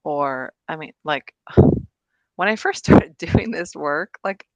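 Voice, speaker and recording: A woman's voice: low-pitched, animated, takes it slowly, a little mellow, no room sound. A woman presenting and discussing on a video call, chatty and enthusiastic, laughing often. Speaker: guest presenter.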